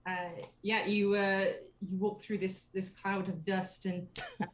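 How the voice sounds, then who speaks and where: A woman's voice: mid-range voice, little pitch movement, unhurried, echoey room, slight background noise, poor audio. A woman narrating as dungeon master in a tabletop game, hesitant with many fillers.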